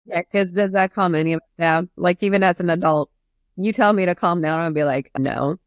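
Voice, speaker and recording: A woman's voice: on the low side, fairly even intonation, a little fast, no room sound, clean studio sound. A woman therapist speaking earnestly and emphatically in a podcast conversation, explaining at length. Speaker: therapist guest.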